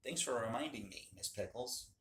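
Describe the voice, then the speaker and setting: A man voicing an excitable little girl in a storybook reading, in an echoey room. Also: medium pitch, moderate pace, a little hiss or hum, natural voice. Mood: eager.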